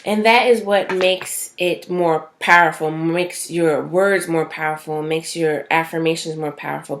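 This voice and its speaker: Chatty low-voiced woman vlogging. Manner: chatty and rambling, many fillers and tag questions. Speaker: self-help vlogger. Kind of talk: casual talking-to-camera vlog. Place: small bathroom at home.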